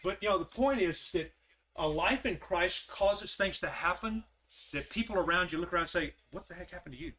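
Bright, high-voiced man teaching. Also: moderate pace, slight background noise. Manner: folksy, asks the group questions. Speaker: Bible study teacher. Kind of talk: conversational Bible study teaching.

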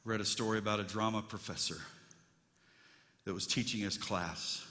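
A man's voice: fairly low pitch, fairly even intonation, normal speed, pushed and bright. A male pastor preaching a sermon in an earnest, storytelling manner that turns heartfelt. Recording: long reverb, instrumental music behind.

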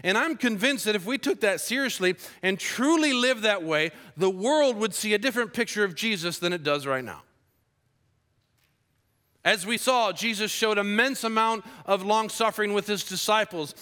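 A male pastor delivers his sermon with a bright, forceful tone. He slips into playful stories and humorous asides. His voice rings out with a long hall reverb. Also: sits high. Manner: lively storytelling with humorous asides.

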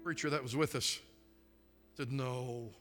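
A middle-aged man preaches a live church sermon in a high, animated voice with a piercing, forceful edge. He stacks up repeated phrases in an emphatic cadence, rising to shouts and then sinking to hushed, almost whispered lines. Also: moderate pace, long reverb tail, soft background music. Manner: swings from shouting to near-whispers. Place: church meeting, live stream.

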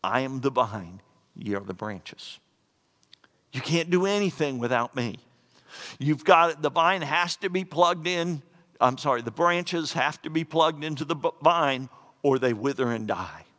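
A man's voice: on the high side, expressive, unhurried, fairly bright tone. A middle-aged man preaching a sermon as pastor, earnest and plainspoken, with quoted asides. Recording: echoey hall with long reverb.

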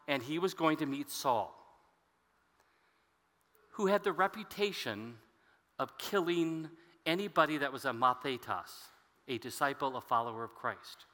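A male pastor delivering an expository sermon, reading scripture and turning to the congregation with casual asides. His voice is bright and forceful, sitting a little high for a man. The sound carries a long reverb from a large hall.

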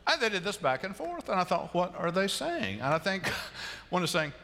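A man's voice: high voice, normal speed, slight background noise. A man preaching a sermon as pastor, telling stories and acting out quotes with humor. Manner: storytelling, animated, acts out quotes and sheep bleats. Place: large church sanctuary. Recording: long church reverb.

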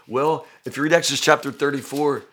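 A man gives a daily devotional Bible teaching in a mid-range voice. He is animated and emphatic, rising to loud bursts and then dropping to near-whispered asides. He often checks in with the listener with a casual "you know?". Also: mid-range voice, fairly quick, slightly rough.

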